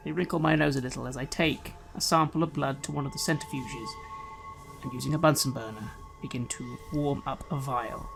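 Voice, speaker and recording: A man playing a tabletop role-playing game, speaking in a measured, clinical manner, partly in character. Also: mid-range voice, steady tone, creaky, a bit bright, faint music behind. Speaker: player.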